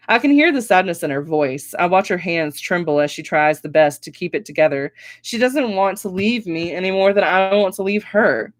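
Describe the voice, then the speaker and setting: A woman reading her own novel aloud with expressive first-person storytelling. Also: fairly low pitch, normal speed, few pauses, no room sound. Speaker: author reading her book.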